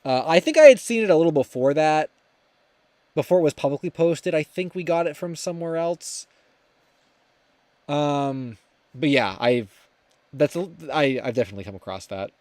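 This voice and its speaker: A young livestream host reads viewer comments out loud and chats loosely, rambling with frequent fillers and restarts. His voice sits on the high side, animated and a bit mellow, at a moderate pace with frequent pauses and no echo.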